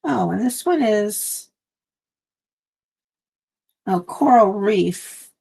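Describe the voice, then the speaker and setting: A woman's voice: medium pitch, lively intonation, extremely slow, creaky, mellow, slightly rough. A woman hosting a casual craft live stream from home, chatting in a meandering way with lots of fillers, recorded on a phone. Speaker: craft channel host.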